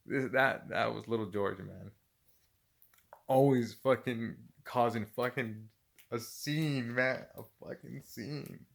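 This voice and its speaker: A man's voice: mid-range voice, takes it slowly, creaky. A middle-aged man casually telling work stories, swearing constantly and often breaking into laughter. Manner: profane, laughing often, animated retelling. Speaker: storyteller. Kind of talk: casual storytelling.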